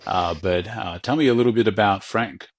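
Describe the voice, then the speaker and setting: A man's voice: lowish voice, normal speed, dry recording. A man hosting a podcast interview, friendly and joking, laughing easily with his guest. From Australia. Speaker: podcast host.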